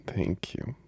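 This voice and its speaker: A young man voicing a needy, playful boyfriend in a whispered role-play, speaking in soft, intimate whispers broken by giggles. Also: dry recording, studio quality. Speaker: ASMR role-play creator.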